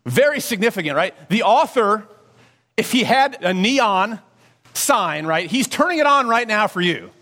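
A male pastor delivering a sermon, talking to his listeners in a conversational, animated way. His voice sits high and leaps around a lot in pitch. He keeps checking in with rhetorical questions and small asides. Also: measured pace.

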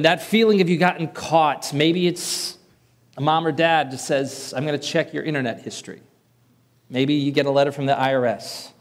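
A man preaching a sermon in a conversational way, with light self-deprecating humor, from the Northern US. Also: a little high.

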